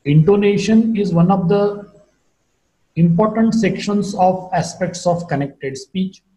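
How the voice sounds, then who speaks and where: A man lectures on phonetics at a slow, careful pace. His high voice has a mellow, dark tone. The recording carries a roomy echo. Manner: slow, deliberate teaching with wide pitch swings.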